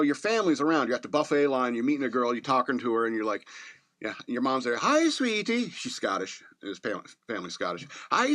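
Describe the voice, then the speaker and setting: A man's voice: medium pitch, a bit bright. Rambling middle-aged male podcast host. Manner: rambling, chuckling, many fillers. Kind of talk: casual storytelling monologue.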